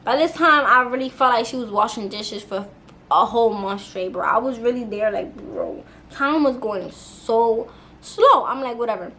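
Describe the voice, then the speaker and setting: Young woman doing a storytime vlog, kinda high voice, lots of slang and cussing, super animated. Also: normal speed, a little hiss or hum. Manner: animated, laughing, slangy with frequent swearing. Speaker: YouTuber. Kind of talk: casual storytime.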